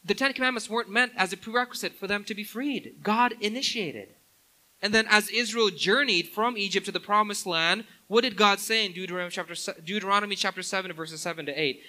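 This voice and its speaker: A man preaches from the pulpit in a bright, sharp, cutting voice that sits high for a man. He lays out his points and builds them to emphatic climaxes. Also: brisk, rough recording. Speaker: pastor. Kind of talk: sermon.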